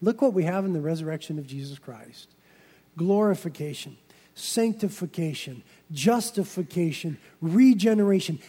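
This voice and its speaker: High-voiced preacher in a big echoing hall. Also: male voice, lively intonation, moderate pace, husky. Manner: builds to loud emphatic preaching, then drops low. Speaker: pastor. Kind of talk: sermon. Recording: long reverb of a large hall.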